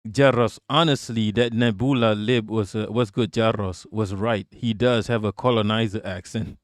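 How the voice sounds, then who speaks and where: A man's voice: lowish voice, fairly even intonation, moderate pace, no room sound, studio quality. Blunt, profane man streaming live. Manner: blunt and profane, laughs often, repeats himself. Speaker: live-stream political commentator. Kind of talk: casual live-stream talk, reading chat.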